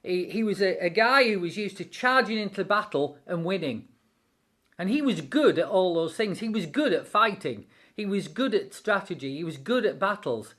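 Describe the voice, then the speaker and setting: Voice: medium pitch, lively intonation, normal speed, a bit bright. A devotional speaker giving an encouraging sermon-style talk, acting out quotes with animation.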